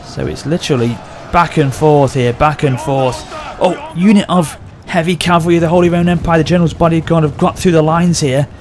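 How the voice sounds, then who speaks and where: A man hosting a gaming channel, excitedly commentating a battle over gameplay and often addressing his audience. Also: a little high, brisk, few pauses, a little hiss or hum.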